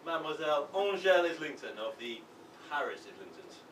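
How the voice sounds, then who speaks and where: A man's voice: fairly high pitch, big pitch swings, fairly quick, fairly bright tone. A man playing a pompous, airy posh young brother in an improvised stage comedy. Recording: echoey live stage from far off, noisy.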